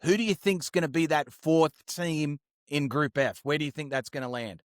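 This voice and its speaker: A man co-hosts a sports podcast, chatting about the week's games in an upbeat, slangy way. His voice runs on the high side at a moderate pace, and the studio recording is clean with no echo.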